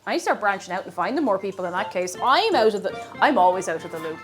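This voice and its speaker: A woman's voice: mid-range voice, sing-song, fast, soft background music. An Irish woman chatting with her stream audience while cooking in her home kitchen, bubbly and talkative. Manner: chatty, bubbly, reads out viewer names. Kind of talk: casual livestream chat while cooking.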